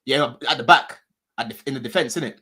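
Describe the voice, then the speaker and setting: Husky man chatting football. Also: mid-range voice, fast talker, pushed and bright. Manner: slangy, swearing, repeats phrases. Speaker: football podcast co-host. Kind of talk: casual banter.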